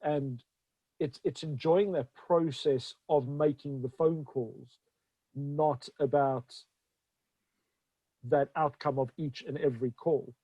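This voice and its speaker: Guy hosting an interview, lots of ums and restarts, kinda higher voice, dry muffled sound. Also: fairly even intonation, mellow, husky, no room sound. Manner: halting, many fillers and restarts. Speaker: interview host. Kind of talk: conversational interview.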